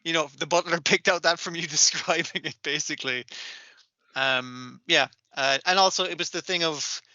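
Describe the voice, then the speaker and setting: A man's voice: a little high, sharp tone, dry recording, lo-fi sound. A man co-hosting a podcast, chatting casually, swearing freely and retelling scenes. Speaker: podcast co-host. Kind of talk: casual chat.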